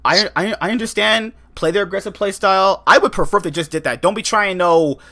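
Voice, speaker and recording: A young man co-hosting a podcast, giving animated, teasing opinions in casual esports chat. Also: high-pitched, fast. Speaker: podcast co-host.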